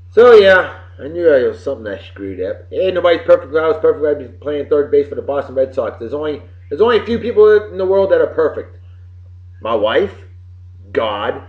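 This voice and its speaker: Brief: middle-aged male web-show host, rowdy and folksy, very lively pitch, dull lo-fi audio. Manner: boisterous, folksy, swearing, wisecracking. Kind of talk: casual birthday shout-outs on a web show. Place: home room with computer behind him. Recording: roomy, dull lo-fi webcam audio.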